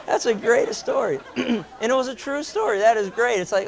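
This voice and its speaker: A man with an extremely high, creaky voice tells a casual anecdote to a group at a moderate pace. He's animated, acting out quoted voices and chuckling between lines.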